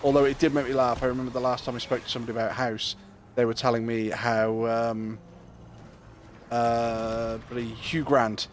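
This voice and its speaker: A man's voice: medium pitch, level tone, moderate pace, slight background noise. A young man chatting casually and joking with his viewers while streaming a game. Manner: chatty, joking, talks to chat. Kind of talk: casual gameplay chat.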